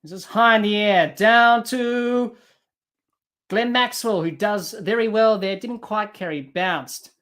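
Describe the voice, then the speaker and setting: A man's voice: high-pitched, slow, fairly bright tone. A man hosting a live cricket watch-along podcast, calling the play and scolding the team in frustration. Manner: exasperated, scolding players and selectors directly. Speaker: podcast host doing live cricket commentary.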